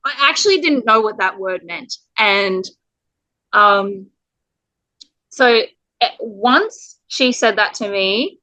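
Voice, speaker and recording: A woman's voice: medium pitch, animated, takes it slowly, long pauses, sharp tone, rough recording. A woman from Australia, a parent telling her story in an interview, earnest and emotional with the odd laugh. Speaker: parent guest.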